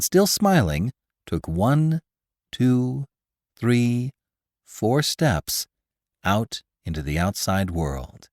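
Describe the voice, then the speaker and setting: A man narrating a short story as the host of a podcast, in an expressive, dramatic reading. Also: medium pitch, no room sound, studio quality.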